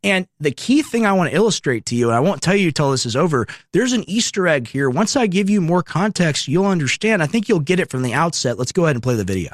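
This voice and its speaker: A young male radio host in his twenties runs a heated commentary monologue, hammering points home with repeated rhetorical questions. His voice sits high for a man, and the sound is dry and close, with no room echo. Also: big pitch swings, quick pace, hardly any pauses. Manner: emphatic, repetitive rhetorical questions.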